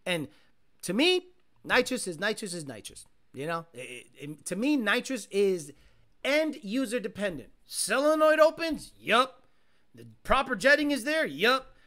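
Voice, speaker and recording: A man who tunes cars, chatting casually on a livestream, reading viewer comments aloud and ranting excitably with plenty of swearing. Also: high voice, unhurried. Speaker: car tuner livestreaming.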